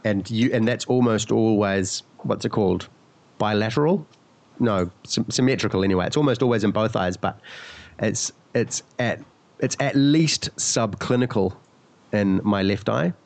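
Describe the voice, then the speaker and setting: A man with a head cold talks in a relaxed, casual chat. His voice sits low and has a gravelly edge. He meanders, stops to hunt for words and corrects himself as he goes. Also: moderate pace. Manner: rambling, searches for words, self-correcting. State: sick with a cold.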